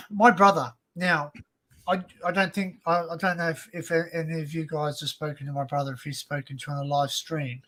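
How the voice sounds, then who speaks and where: An Australian man with a high voice hosting a casual live stream chat, rambling and restarting his sentences often. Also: little pitch movement, brisk, pushed and bright, low-quality recording. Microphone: desktop USB mic.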